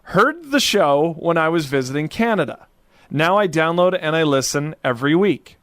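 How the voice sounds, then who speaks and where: A man's voice: fairly high pitch, expressive, normal speed, a bit bright, no room sound, studio quality. Playful male podcast co-host. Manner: playful, teasing, reads listener messages aloud. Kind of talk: casual podcast chat.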